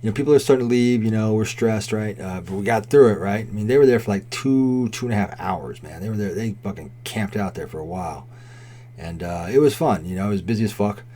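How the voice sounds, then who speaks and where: A man's voice: fairly low pitch, a little fast, mellow. A man in his forties telling a rambling, profanity-laden story in a casual way, with constant "right?" and "like". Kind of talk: casual spoken anecdote.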